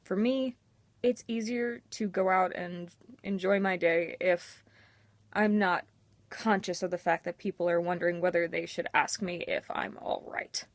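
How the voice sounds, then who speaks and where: A woman's voice: lowish voice, steady tone, a little slow, no room sound. A young woman talking candidly and emotionally to her camera in a personal vlog, with a self-mocking edge. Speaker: vlogger.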